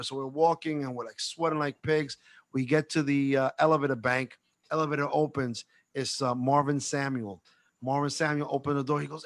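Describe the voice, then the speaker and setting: At home on a video call, a man from the cigar industry tells an animated, rambling story packed with restarts and asides. His voice is fairly high-pitched at a normal speed, with no echo.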